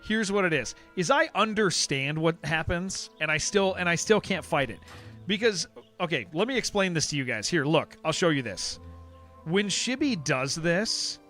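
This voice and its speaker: A game streamer with a fairly high voice talks in a loose, rambling way, circling back over his points with emphasis. He answers his viewers' chat messages as they come in. Faint music plays underneath. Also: a bit bright.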